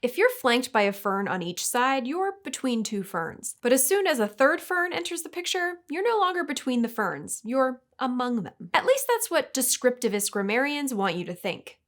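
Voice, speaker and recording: Woman host, scripted explainer read, wry and playful, high, bouncy delivery. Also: sing-song, normal speed, hardly any pauses.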